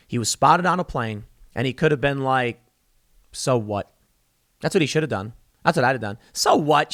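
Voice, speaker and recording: A man's voice: mid-range voice, dry recording, studio quality. A man hosting his own show, delivering a sarcastic political commentary monologue. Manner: animated, sarcastic, acts out quoted voices. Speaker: show host.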